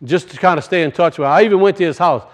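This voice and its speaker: High-voiced preacher, rising and falling. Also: male voice, very fast. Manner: rises loud then drops to hushed, storytelling. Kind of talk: sermon with personal story.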